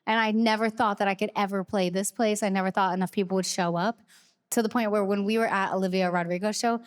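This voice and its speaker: A woman in her thirties co-hosting a live podcast on stage before an arena crowd, talking fast and excitedly, with many fillers. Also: mid-range voice. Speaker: podcast co-host. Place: large arena, live audience.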